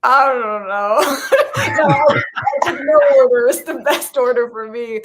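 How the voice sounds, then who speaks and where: A woman co-hosting a casual live chat, playful and lively. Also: fairly high pitch, normal speed, noisy background. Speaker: co-host.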